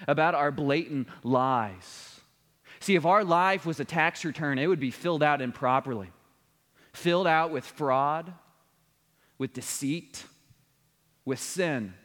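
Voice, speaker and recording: Preacher telling a story in a big hall. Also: male voice, a little high, a bit bright. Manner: earnest storytelling, building to a solemn appeal. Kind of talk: sermon with personal story. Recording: long reverb of a large hall.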